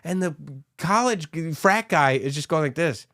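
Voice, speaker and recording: A man's voice: a little high, animated, moderate pace, a bit bright, dry recording, studio quality. A man co-hosting a podcast, telling a long story in casual chat and acting out the people in it. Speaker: podcast co-host.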